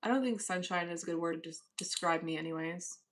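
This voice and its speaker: A woman's voice: lowish voice, fast, a little hiss or hum. A woman hosting a live stream from home, reading chat messages aloud and answering in a cool, dismissive casual manner. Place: at home, indoors.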